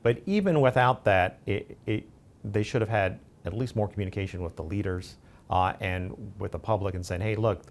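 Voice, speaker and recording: A man with an American accent, answering an interview in a forceful, animated way. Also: fairly low pitch, moderate pace.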